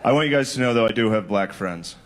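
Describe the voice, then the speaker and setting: A man's voice: fairly low pitch, expressive, fast, slight background noise. A male stand-up comedian telling crude, rambling stories, often breaking into laughter. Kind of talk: stand-up set.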